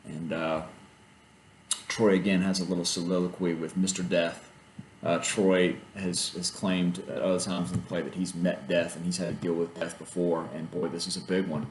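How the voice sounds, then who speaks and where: A male literature teacher records a casual video lesson at home, talking things through with restarts as he goes. His voice sits on the low side. The room is echoey, with a faint hum of ambient noise underneath. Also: little pitch movement, normal speed. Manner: conversational, thinks aloud with restarts, reads play lines aloud. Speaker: high school literature teacher.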